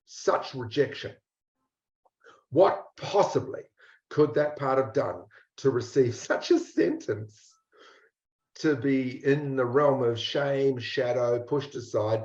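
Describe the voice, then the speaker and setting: Male coach guiding a reflection, intimate and blunt, roomy room tone. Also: medium pitch. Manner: slow, repetitive, intimate, blunt at times. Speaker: mindset coach. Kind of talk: guided reflection talk. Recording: roomy dull lo-fi recording.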